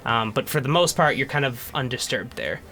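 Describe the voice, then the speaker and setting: A man narrating a tabletop game as game master, relaxed and full of fillers. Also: medium pitch, a little fast.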